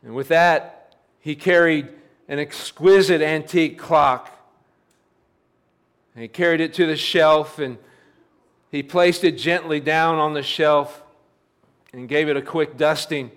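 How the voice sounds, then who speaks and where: A man telling a story during a sermon, with a voice that sits slightly high. He talks in a plain, repetitive cadence, piling up simple clauses one after another. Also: steady tone, unhurried, long pauses, a bit bright, clear, resonant tone. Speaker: pastor.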